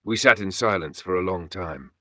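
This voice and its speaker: Hushed, low male horror narrator. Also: normal speed, no room sound, clean studio sound.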